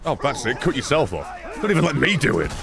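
A man's voice: medium pitch, huge pitch swings, fast talker, vocal fry. A man streaming a game live, commenting sarcastically, talking back to the characters on screen and swearing often.

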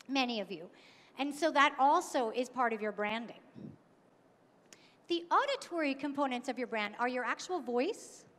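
A woman with a high voice delivers a keynote in a conference hall, and her words ring out with a long hall reverb. She speaks in an engaging way and keeps asking the audience questions. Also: fairly bright tone. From New York.

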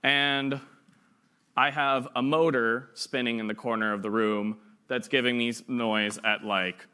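A man's voice: mid-range voice, fairly even intonation, unhurried, sharp tone, smooth. A young man giving an informal classroom lecture, chatty and fond of playful analogies, often checking in with "right?". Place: lecture room.

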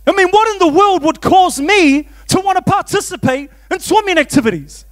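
A pastor tells stories from the pulpit. He has a strikingly high voice for a man. He pokes fun at himself and laughs easily as he talks. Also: moderate pace. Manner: animated, self-mocking, laughs often. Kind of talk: storytelling sermon.

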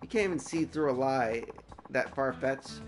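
A man's voice: mid-range voice, normal speed, faint music behind, lightly acted. A man voicing a cocky teenage girl who runs a shady shop, talking in a sassy, mocking way. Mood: smug.

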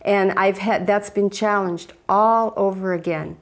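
A woman's voice: medium pitch, fairly even intonation, a little slow. A woman talking candidly and reflectively about faith and her marriage in casual conversation. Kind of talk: casual testimony.

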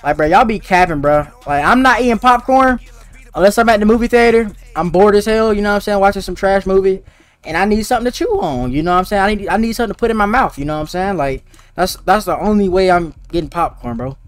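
A young man streaming a game, chatting fast and slangy with his viewers and teasing players. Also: high-pitched, fairly bright tone. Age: young adult. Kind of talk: casual gaming livestream chat.

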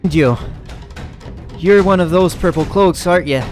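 Animated man reacting while gaming. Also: on the high side, measured pace, soft background music. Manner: animated, sweary reactions with frequent laughs. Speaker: gaming YouTuber. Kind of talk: let's-play commentary.

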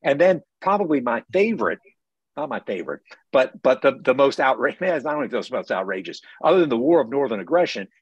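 A man's voice: mid-range voice, very animated, quick pace, slightly rough, no echo, highs cut off. An author with a faded Southern accent, talking in an emphatic book festival interview over a video call and often restarting his words.

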